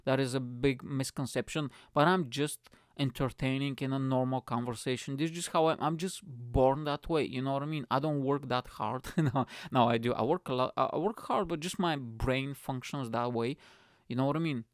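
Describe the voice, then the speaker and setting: A man's voice: medium pitch, moderate pace, dry recording, clean studio sound. A man hosting his comedy podcast, ranting energetically and crudely with lots of restarts.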